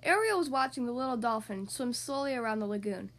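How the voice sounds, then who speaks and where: High-pitched female host reading picture books aloud to children, expressive. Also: fast. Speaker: podcast host and reader.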